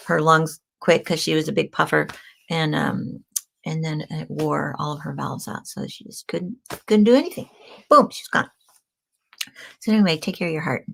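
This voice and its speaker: A woman's voice: low-pitched, vocal fry, fairly bright tone. A woman hosting a crystal healing show, talking in a rambling, chatty way and laughing often. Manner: frequent ums and restarts. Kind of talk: casual live-stream talk.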